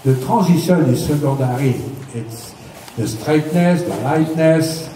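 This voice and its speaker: During a hands-on riding lesson, a male instructor patiently walks through each step and checks that he's understood. His voice is slightly high, mellow and unhurried. The recording sounds echoey, from a distant mic with faint noise.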